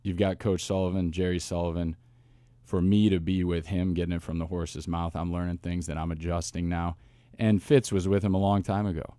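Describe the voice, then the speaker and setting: A man, a football coach, telling stories in a casual interview with lively asides and restarts. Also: low-pitched, no echo. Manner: animated storyteller, quick asides and restarts. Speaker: wide receivers coach, guest.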